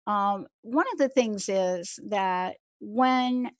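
A woman from the Bronx hosts an interview at a middle pitch, in a dry and close sound. She affirms her guest with enthusiasm and shares her own story in turn. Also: extremely slow, dry recording. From the Bronx, New York. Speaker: interview host. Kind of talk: conversational interview.

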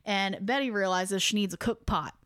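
A woman's voice: medium pitch, normal speed, a bit bright, smooth, no echo, studio quality. A woman hosting a podcast, chatting casually as she retells a ghost story, often laughing. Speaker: podcast host.

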